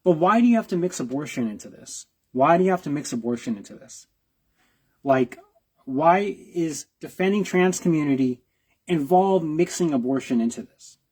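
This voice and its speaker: A man with a husky, breathy voice gives reaction commentary on clips. He talks in rhetorical questions, restarts and repeats his points. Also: on the high side, expressive, moderate pace, a little mellow. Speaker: video blogger.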